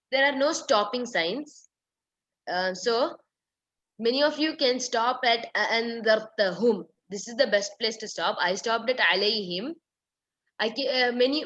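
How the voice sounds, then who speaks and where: Woman, patient online recitation teacher who drills words one by one; slightly high voice, muffled stream audio. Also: a bit bright. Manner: repeats words slowly, correcting pronunciation step by step. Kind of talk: online tajweed lesson.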